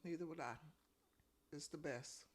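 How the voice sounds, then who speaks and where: A woman's voice: sits low, unhurried. A middle-aged woman co-hosting a podcast, answering in agreeable, reflective casual chat.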